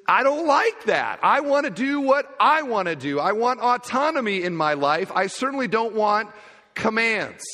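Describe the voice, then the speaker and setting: Man, pastor, sermon, lively pitch, fairly high voice, long hall reverb. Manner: animated, acts out little dialogues. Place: church sanctuary.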